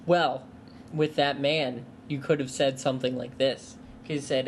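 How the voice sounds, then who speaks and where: Man reading jokes deadpan. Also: mid-range voice, unhurried, slight background noise. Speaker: podcast co-host. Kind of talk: casual chat, reading jokes.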